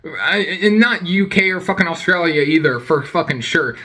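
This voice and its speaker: A man's voice: high voice, moderate pace, sharp tone. A young man giving heated, profane reaction commentary. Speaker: political commentator.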